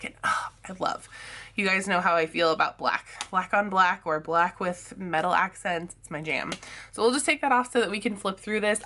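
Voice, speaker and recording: Raspy-voiced woman chatting about planners. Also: medium pitch, fairly bright tone. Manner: chatty, rambling, laughs often. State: groggy morning voice. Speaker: planner vlogger. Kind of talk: casual chat to camera.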